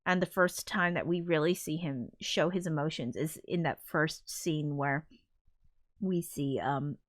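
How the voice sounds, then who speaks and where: A woman's voice: low-pitched, measured pace, dry recording, clean studio sound. A woman composer chatting casually on a livestream, rambling with frequent restarts and casual swearing. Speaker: composer streaming her work.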